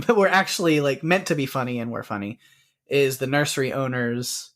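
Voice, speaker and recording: A man co-hosting a movie podcast, chatting casually and rambling with lots of fillers and quick laughs. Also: medium pitch, a bit bright. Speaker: podcast co-host. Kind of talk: casual movie review chat.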